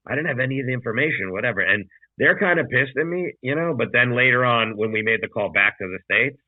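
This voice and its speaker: A man's voice: medium pitch, expressive, fast talker, no echo. A man, a comedian co-hosting a podcast, telling a rambling, profane anecdote in casual chat over a video call. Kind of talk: casual storytelling. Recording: dry tinny video call audio.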